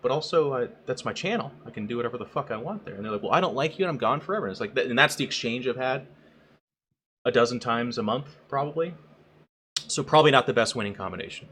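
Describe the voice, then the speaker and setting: A man's voice: medium pitch, fast talker, slight background noise. A man co-hosting a casual chat podcast, talking bluntly with lots of swearing and acting out quoted people. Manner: blunt, profane, animated, acts out quotes in raised voice. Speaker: podcast co-host and streamer.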